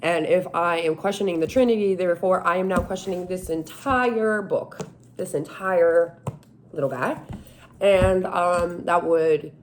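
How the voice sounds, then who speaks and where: A woman venting in a casual, animated monologue, exasperated and self-mocking. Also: fairly low pitch, a little hiss or hum. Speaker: vlogger.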